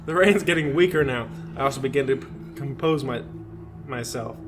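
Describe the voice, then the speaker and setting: A man's voice: mid-range voice, fairly quick, over music. A young man co-hosting a podcast, reading a horror story aloud with hammy emphasis and bursts of laughter. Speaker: podcast co-host.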